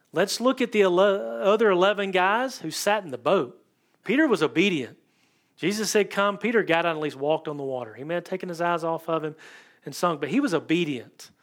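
A man with a slightly higher voice preaches to his congregation in a church. He talks in a loose, conversational way, pausing often and filling gaps with ums as he works through his point. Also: fairly bright tone. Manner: conversational, searching, with many ums and pauses. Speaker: pastor. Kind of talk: sermon.

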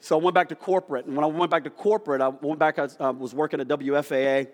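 An American pastor preaches a sermon in a church sanctuary, telling an animated story and acting out its dialogue. His voice runs high and he talks fast, with long hall reverb trailing his words.

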